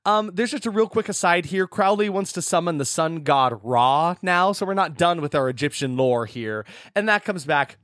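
A man's voice: a little high, lively intonation, moderate pace, hardly any pauses, a bit bright, no echo, clean studio sound. A man co-hosting a podcast, recapping a movie's plot in casual chat with sarcastic asides. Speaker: podcast co-host.

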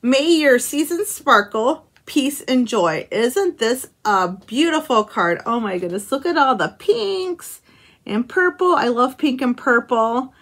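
A woman's voice: high-pitched, animated, slow pace, a bit bright. A woman hosting a craft channel, chatting casually to camera as she opens handmade cards and stickers, gushing and exclaiming often with little chuckles. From United States. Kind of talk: casual unboxing chat to camera.

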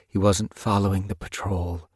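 A man voicing a gentle, sleepy mother cat in an audiobook, soft and purring, mildly chiding. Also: sits low, flat delivery, moderate pace, breathy edge, no room sound, studio quality. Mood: fond.

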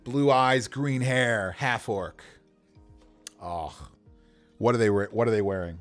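A man's voice: fairly low pitch, slow pace, faint music behind. A man running a casual livestream as game master, rolling dice to build characters, talking to viewers with enthusiasm and frequent laughter.

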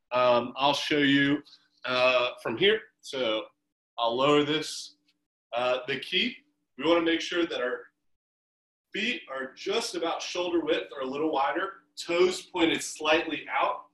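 A man's voice: on the high side, fairly bright tone, low-quality recording. A man coaching a swim team through a home workout on a video call, giving chatty, encouraging instructions with fillers.

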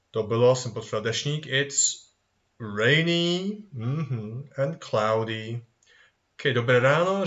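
A man teaching a children's English review lesson, modelling phrases and answering his own questions in a sing-song, animated way. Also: mid-range voice. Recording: dull lo-fi recording.

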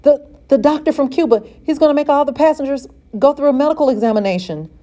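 A woman voicing a frightened teenage boy who speaks in a hushed, pressing way. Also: mid-range voice, moderate pace, close to an everyday voice. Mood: breathless.

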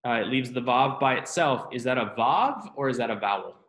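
A man teaching a Hebrew grammar class, talking students through the exercises with relaxed, self-deprecating asides and quick questions. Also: mid-range voice, roomy sound. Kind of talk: classroom lesson.

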